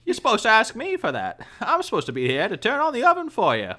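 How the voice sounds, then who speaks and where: A woman's voice: on the high side, huge pitch swings, fast talker, fairly bright tone, pitched above the performer's own voice. A woman voicing an indignant, scolding old-fashioned husband. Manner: scolding, huffy.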